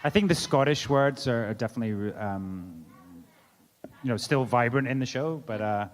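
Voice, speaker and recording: A man, an actor on a panel, talking in a relaxed, lively way. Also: medium pitch, moderate pace, long reverb tail, a faint crowd. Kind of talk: panel talk. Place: large event hall.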